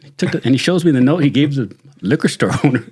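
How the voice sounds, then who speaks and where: Brief middle-aged man, husky voice, swings all over the place, laughs a lot, swears loose. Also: mid-range voice, fast. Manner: animated, laughing, swearing freely. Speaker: retired sheriff's deputy, guest. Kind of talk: casual storytelling chat.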